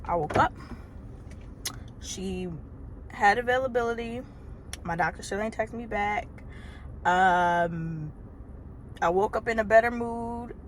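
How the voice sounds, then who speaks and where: A woman in her thirties, originally from Trinidad, telling a casual storytime vlog from her car in an animated, chatty way with exasperated asides. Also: medium pitch, takes it slowly, pauses often, a little hiss or hum. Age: 30s. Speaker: vlogger. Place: parked car.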